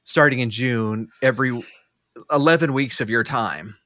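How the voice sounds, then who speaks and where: Bright-voiced man rambling on a podcast. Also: mid-range voice, normal speed, no room sound, clean studio sound. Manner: rambling, many restarts and fillers, laughing often. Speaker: podcast co-host. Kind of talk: casual chat. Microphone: remote call mic.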